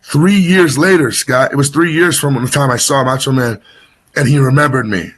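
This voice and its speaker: Male interview guest with a husky voice: chatty storyteller who keeps getting sidetracked. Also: medium pitch. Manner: rambling, sidetracked, fast bursts with restarts. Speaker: wrestler guest.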